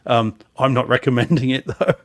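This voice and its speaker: Man, mid-pitch, co-host on a live podcast, emphatic movie critic who restarts sentences and laughs. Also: fairly quick. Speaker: podcast co-host reviewing films. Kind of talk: casual live-stream chat.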